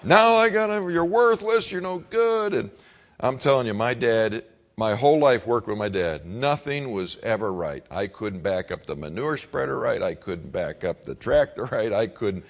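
A man's voice: on the low side, lively intonation, moderate pace. A middle-aged man preaching a sermon in a folksy, conversational way, mixing scripture with stories from his own childhood. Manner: folksy, conversational, acts out his father's shouting. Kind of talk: sermon with personal storytelling.

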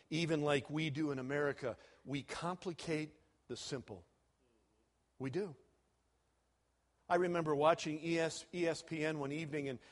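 A man preaching to students, animated, acting out quoted speakers with big swings in volume. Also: a little high. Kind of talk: sermon.

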